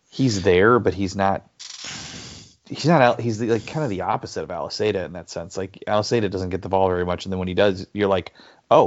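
In a relaxed soccer podcast chat, a low-pitched man goes through a team's players, halting often and restarting sentences with plenty of fillers. The recording is dull, muffled and lo-fi.

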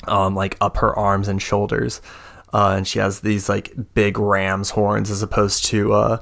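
Game master, male, gravelly, halting delivery full of fillers. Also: on the low side, monotone, fairly bright tone. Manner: hesitant, many fillers and restarts. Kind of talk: narrating a tabletop game.

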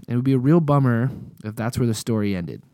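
A man's voice: mid-range voice, animated, fast talker, mellow, no echo. A young man preaching a sermon in a casual, conversational way, telling personal stories.

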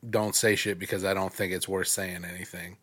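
A man in casual conversation who speaks in a measured, hedging, thoughtful way. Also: low voice, level tone, sharp tone, slightly rough. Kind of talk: casual chat.

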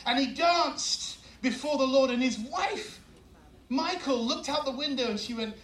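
Male pastor, animated sermon storytelling, roomy church sound, mic set back. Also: very high-pitched, a little slow, distant mic.

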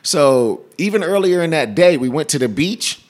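A man's voice: fairly high pitch, expressive, moderate pace. A man in his thirties from California, telling stories as an interview guest in a casual, slangy way, laughing often. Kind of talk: casual storytelling.

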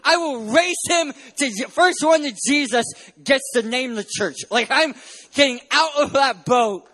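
Preacher, young man from San Diego, very high voice, playful and animated, punches lines loudly. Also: measured pace. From San Diego, California. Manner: playful, animated storytelling, bursts of loud emphasis. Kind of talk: sermon with personal stories.

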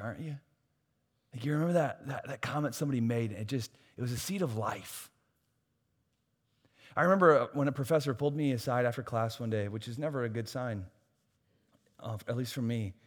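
A man preaching a sermon as a pastor, emphatic and repeating key phrases, with self-deprecating asides. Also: mid-range voice. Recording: long hall reverb.

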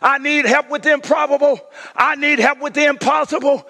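A middle-aged male pastor preaching a sermon, calling on the congregation to answer back, swinging between shouted climaxes and hushed passages. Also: very high voice, fairly even intonation, brisk, vocal fry, long reverb tail.

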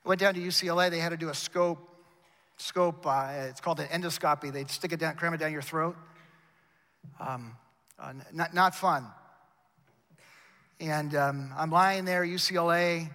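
A man's voice: on the high side, pushed and bright. Male chapel preacher, ringing voice, emphatic and direct with the congregation, echoing hall. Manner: emphatic, repeats words, addresses the congregation directly. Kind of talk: sermon. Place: university chapel. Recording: long reverb of a large chapel.

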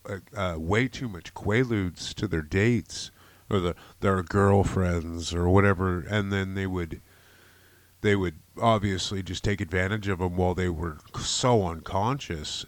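A man co-hosting a casual podcast, high on cannabis, swearing a lot and getting loud and shrill when outraged. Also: slow pace, no echo. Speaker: podcast co-host.

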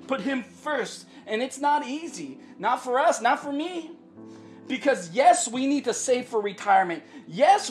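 Woman pastor preaching, fairly high voice, keeps asking "right?", soft music under her. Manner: earnest preaching, often asks the congregation "right?"; repeats phrases for emphasis. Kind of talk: sermon.

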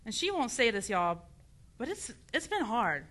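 A woman's voice: a little high, very animated, moderate pace, a bit bright. A woman preaching an impassioned sermon, building to fervent outrage. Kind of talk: passionate sermon.

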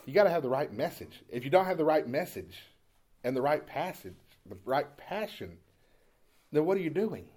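Man, pastor, sermon, high-ish voice, storytelling turning impassioned. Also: moderate pace. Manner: builds from calm reasoning to loud, impassioned preaching; conversational storytelling with restarts.

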